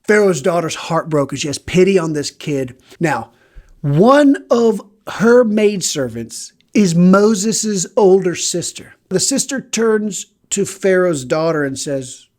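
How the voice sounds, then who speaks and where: A man with a fairly high voice hosts a podcast and retells a Bible story in a loose, conversational way. He slips into the characters' words, giving their lines as he tells it. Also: lively intonation, measured pace.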